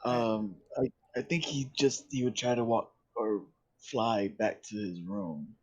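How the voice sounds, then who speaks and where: A man playing in a tabletop game, speaking in a hesitant, halting way with restarts. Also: lowish voice, husky, highs cut off. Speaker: player. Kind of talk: casual chat at a tabletop game.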